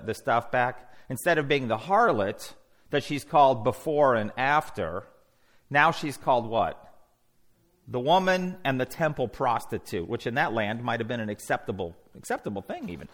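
A man teaching a Bible study class, animated and conversational, often putting questions to the group and restarting his sentences. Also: mid-range voice.

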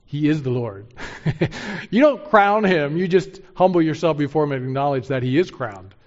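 A man's voice: fairly high pitch, normal speed, muffled recording. A male pastor preaching a sermon in an emphatic way, repeating key phrases for stress.

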